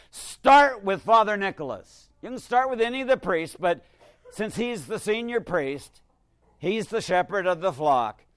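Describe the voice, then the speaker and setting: Older priest preaching in a conversational, wry way. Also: male voice, sits high, no echo, studio quality. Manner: conversational, wry, rises to emphatic bursts then drops quiet. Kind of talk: sermon.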